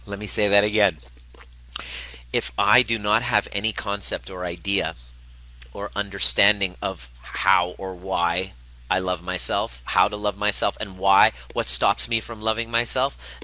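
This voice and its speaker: A man's voice: on the low side, measured pace, bright, forceful tone, low-quality recording. A man hosting a casual spoken monologue as a relationship coach, candid and a little profane, with frequent restarts. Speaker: podcast host, relationship coach.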